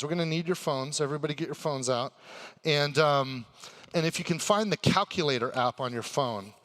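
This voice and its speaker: Man, convention stage host, hype-building, excitable, shouty bursts, tense bright tone. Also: mid-range voice, long reverb tail. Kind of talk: live stage hosting for a crowd. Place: convention stage before a live audience.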